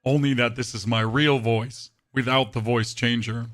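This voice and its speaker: Man with a temporarily deep, rough voice. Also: fairly even intonation, normal speed, fairly bright tone. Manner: banters with chat, reads messages aloud, sarcastic asides. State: voice temporarily deeper and rougher than usual. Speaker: game streamer. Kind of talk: casual livestream chat.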